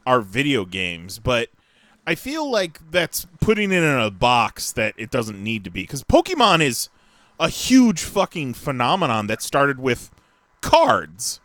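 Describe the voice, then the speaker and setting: A man's voice: medium pitch, huge pitch swings, unhurried, a bit bright, no echo. A man co-hosting a podcast, joking and arguing his point in casual chat. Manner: joking, argumentative. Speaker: podcast co-host.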